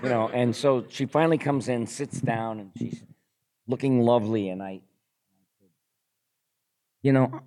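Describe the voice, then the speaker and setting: A man's voice: mid-range voice, fairly even intonation, a little slow, pauses often, a little mellow. A man on a convention panel telling a cheeky story with dry, mischievous humor. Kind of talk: comic anecdote.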